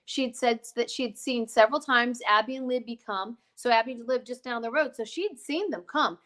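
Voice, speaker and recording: A woman's voice: a little high, a little fast, a bit bright. A woman guest in a casual talk, explaining things in an emphatic, digressive way with many asides. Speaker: podcast guest. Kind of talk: casual conversational storytelling.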